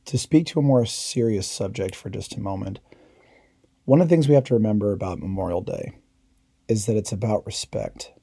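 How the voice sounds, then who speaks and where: Dark-voiced man telling candid stories. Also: lowish voice, fairly quick, slightly rough, no room sound, studio quality. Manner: candid, swears freely, quotes comrades in raised voices. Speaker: podcast host, veteran. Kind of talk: casual storytelling.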